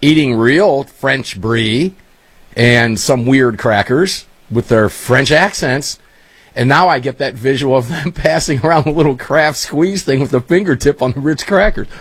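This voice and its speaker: A man's voice: medium pitch, measured pace, slightly rough, dry recording. A man hosting a talk show, chatting casually and rambling through stories. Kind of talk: casual chat.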